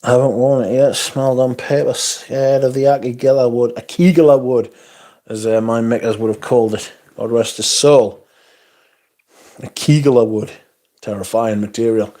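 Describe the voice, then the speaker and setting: A man's voice: medium pitch, flat delivery, moderate pace, mellow. A man hosting a casual livestream. He reads viewer comments aloud and answers them bluntly, swearing often and adding asides. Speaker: livestream host. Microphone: phone.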